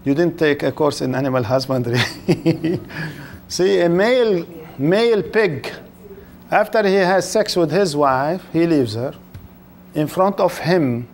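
Before a live audience, an older Islamic lecturer keeps asking rhetorical questions and elongating words for emphasis, his slightly high voice a little mellow. Behind him are faint room ambience and slight background noise.

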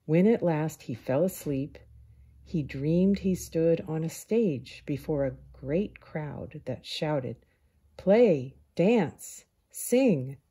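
Woman reading a picture book aloud, low husky voice, slow and calm. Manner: calm, unhurried storybook reading. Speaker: storyteller.

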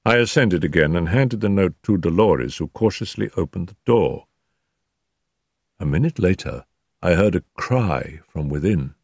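An older man narrating a classic mystery in a measured storytelling manner. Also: low voice, darkish tone, husky, dry recording, studio quality. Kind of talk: audiobook narration.

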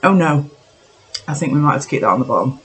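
A woman's voice: low voice, animated, fast, noisy background. A woman vlogger in casual chat, thinking aloud and joking at herself as she tastes snacks. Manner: chatty, self-mocking, thinks aloud while tasting.

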